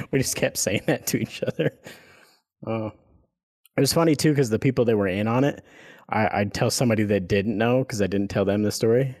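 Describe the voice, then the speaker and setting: A man with a fairly low voice tells a long story in loose, casual talk. He rambles, swears freely and chuckles through it. It sounds like an everyday podcast chat. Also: normal speed, pauses often, a little mellow. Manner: rambling, profane, laughs through his story. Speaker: podcast co-host.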